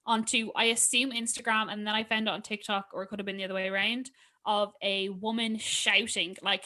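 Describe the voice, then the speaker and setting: A woman's voice: medium pitch, sharp tone. A young Irish woman co-hosting a podcast, telling stories in a chatty way, full of fillers. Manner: chatty storyteller, filler-heavy. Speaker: podcast co-host. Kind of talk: casual chat.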